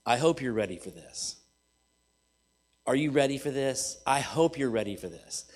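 A man preaching a sermon in an animated way, repeating phrases for emphasis and swinging from loud to hushed. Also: medium pitch, moderate pace.

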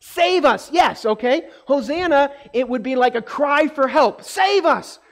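High-voiced woman teaching kids. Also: a little slow. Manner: animated, questions the kids often; acts out voices and quotes in the story. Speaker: children's Bible teacher. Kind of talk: storytelling lesson to children.

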